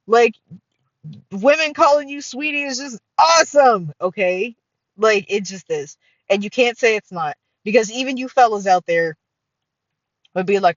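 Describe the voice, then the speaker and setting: A middle-aged woman hosting a casual solo podcast, excitable and full of fillers and swearing. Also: medium pitch, unhurried, pauses often, no echo, muffled recording. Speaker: podcast host.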